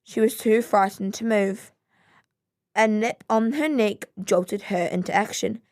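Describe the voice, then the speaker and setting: A woman narrating a children's storybook at an unhurried, deliberate pace. Her reading is expressive and measured, with a mid-range voice. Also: medium pitch. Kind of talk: children's story read aloud.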